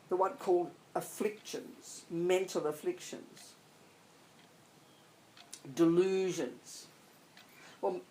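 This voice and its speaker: A woman's voice: on the low side, a little mellow, slight background noise, low-quality recording. A woman, a Buddhist nun, giving an emphatic, blunt dharma talk to a group. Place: meditation centre hall.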